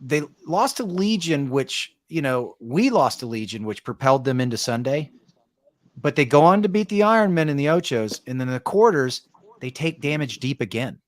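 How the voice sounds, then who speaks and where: A man talking paintball on a podcast panel, analyzing teams in a relaxed, conversational way. He fills pauses often and tags lines with "right?". The recording is dry and close, with no room sound. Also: medium pitch, no echo. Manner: conversational, tag questions, frequent fillers. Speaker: paintball coach and show panelist.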